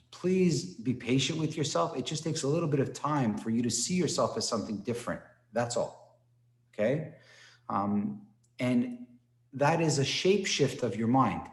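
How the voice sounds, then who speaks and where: A man's voice: mid-range voice, a little mellow, roomy sound. A man teaching an online martial arts class, telling stories and encouraging students with frequent "right?" and "okay?" tags. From Toronto. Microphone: computer mic on a video call.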